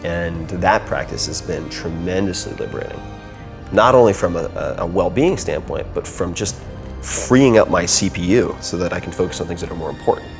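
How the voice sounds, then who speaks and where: A man talking casually as an interview guest, telling animated stories and acting out other people's voices. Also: sits low, moderate pace, over music.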